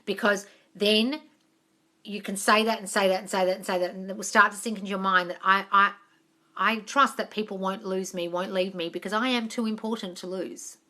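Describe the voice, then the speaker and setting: A woman hosting a casual live-stream Q&A on manifesting, reading out viewer comments and answering them warmly, calling people darling. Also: mid-range voice, level tone, moderate pace. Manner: repetitive, affectionate, calls viewers darling.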